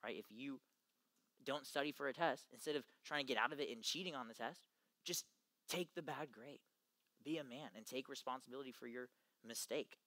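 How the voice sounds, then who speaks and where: A young man giving an earnest, emphatic youth talk to junior high boys, acting out the quotes he gives. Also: a little fast, sharp tone, no echo. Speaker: youth ministry speaker.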